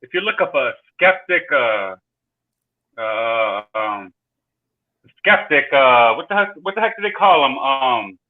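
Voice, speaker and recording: A man's voice: medium pitch, lively intonation, unhurried. A man chatting as a guest on a livestream, stammering and apologetic. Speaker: stream guest. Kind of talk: casual call-in chat. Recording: tinny phone-like call line.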